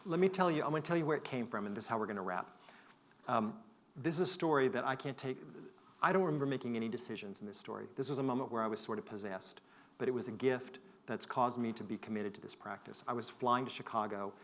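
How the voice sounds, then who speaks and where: A man giving a conference talk, telling a story in a reflective way that moves between loud and hushed. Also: medium pitch, fast talker. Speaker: conference speaker. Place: conference hall.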